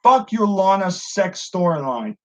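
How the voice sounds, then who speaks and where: A man co-hosting a wrestling review show in casual, profane commentary, excitable and acting out what the wrestlers said. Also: high-pitched, unhurried. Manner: excitable, swears a lot, acts out quotes. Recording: dull lo-fi sound.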